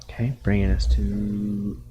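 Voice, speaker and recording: A man running a tabletop game as game master, describing effects in a measured way and calling for rolls. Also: on the low side, level tone, lo-fi sound, background noise.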